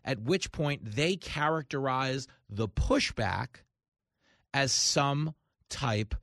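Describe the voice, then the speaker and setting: A New man hosts talk radio in a comedic monologue. His bright voice swings widely in pitch as he acts out quoted characters. The studio sound is dry and close. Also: slow, no echo. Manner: animated, acts out voices in quotes, rising to shouts. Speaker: radio talk show host.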